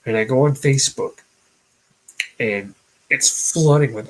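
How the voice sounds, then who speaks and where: A young man co-hosting a casual chat show, telling personal stories in a halting way with many fillers and restarts. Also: mid-range voice, low-quality recording. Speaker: podcast co-host.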